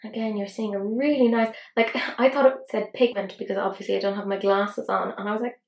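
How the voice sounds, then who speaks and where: An Irish woman in her thirties chatting casually through a makeup tutorial, self-mocking and quick with soft asides. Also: medium pitch, steady tone, creaky, roomy sound, rough recording. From Ireland. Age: 30s. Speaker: beauty vlogger.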